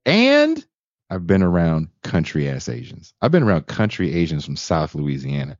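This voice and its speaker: A man hosting a podcast, chatting casually and telling animated, joking stories. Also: deep voice, moderate pace, no room sound. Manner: animated, laughing, storytelling. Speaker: podcast host. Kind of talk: casual chat. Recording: dull lo-fi sound.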